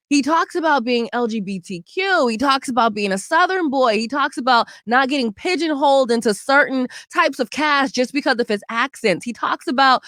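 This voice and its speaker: A woman's voice: a little high, a bit bright, no room sound. A woman hosting her own show from a studio, giving casual news commentary in a chatty, slangy way, with asides to the listeners. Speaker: podcast host. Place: recording studio.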